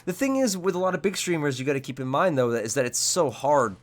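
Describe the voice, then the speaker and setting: A man's voice: a little high, expressive, quick pace. A young man hosting a game live stream, talking casually with his chat in a rambling, profane way.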